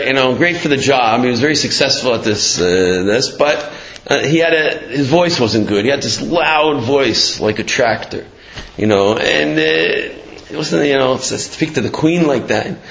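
A man's voice: medium pitch, animated, unhurried, a bit bright. Man giving a casual Torah talk, echoey. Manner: storytelling, mixes Hebrew and Yiddish terms, many fillers. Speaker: Torah teacher. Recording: echoey dull lo-fi room.

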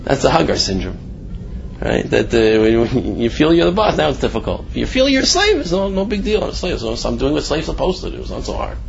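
A man's voice: a little high, very animated, fairly quick, vocal fry, muffled recording, slight background noise. A man teaching a Torah class in a conversational way, telling a story and acting out its characters. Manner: conversational, acts out voices in the story with laughs.

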